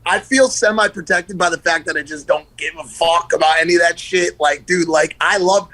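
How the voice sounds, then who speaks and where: A man's voice: a little high, fairly quick, sharp tone, poor audio. A man guesting on a podcast, talking in a loose, rambling way full of swearing. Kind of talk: casual chat.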